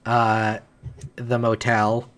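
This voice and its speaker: A man's voice: lowish voice, completely flat delivery, drawn-out words, a bit bright. A man on a live-stream panel asking a long question hesitantly, correcting himself as he goes. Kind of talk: casual live-stream interview.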